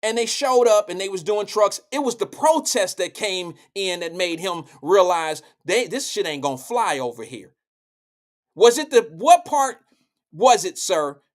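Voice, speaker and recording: Man, live show host, high voice, blunt, profane, heated commentary. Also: expressive, unhurried. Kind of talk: political commentary.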